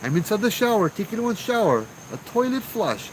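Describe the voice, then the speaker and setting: A man's voice: fairly high pitch, expressive, brisk, a little hiss or hum, pitched above the performer's own voice, natural voice, rough recording. A man putting on the voice of a fussy, cheapskate older island uncle, speaking Hawaiian Pidgin with an exasperated edge. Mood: complaining. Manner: raised, exasperated retelling.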